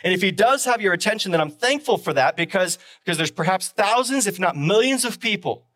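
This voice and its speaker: A man's voice: high voice, expressive, a little fast, a bit bright. A man preaching a sermon as pastor on a live stream, talking conversationally and driving points home with repeated phrases and rhetorical questions.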